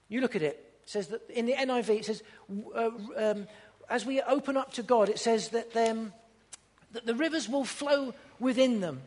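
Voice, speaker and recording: A man preaching a sermon, swinging between loud ringing peaks and hushed low passages. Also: slightly rough, in a large hall. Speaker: pastor. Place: church.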